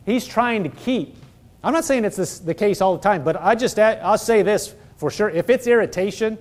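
Male preacher, high voice, earnest conversational teaching, heavy on rhetorical questions. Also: normal speed, a little mellow.

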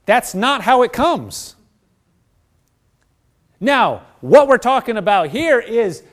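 A man's voice: very high voice, very animated, slow, pauses often. A man preaching a sermon, earnest, acting out the prayers of the people he addresses. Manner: earnest, acts out prayers in quoted voices.

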